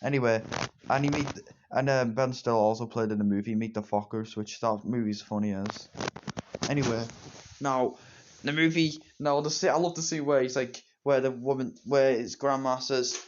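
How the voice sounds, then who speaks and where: A man's voice: medium pitch, normal speed, a little hiss or hum. A teenage boy, reviewing a movie in rambling, repetitive fan talk. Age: teens. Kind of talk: casual solo movie review. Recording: dull lo-fi home recording.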